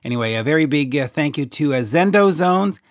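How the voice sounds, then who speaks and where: A man's voice: a little high, expressive, a little fast, no room sound, studio quality. A Canadian man hosting a podcast, rambling in a jokey, casual way with plenty of fillers and restarts. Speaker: podcast host. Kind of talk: casual solo podcast talk.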